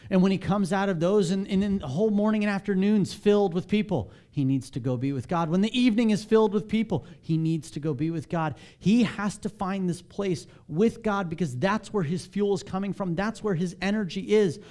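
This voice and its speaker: A man's voice: sits high, brisk, few pauses, mellow. A man, a pastor with children, giving a candid, self-deprecating, conversational sermon.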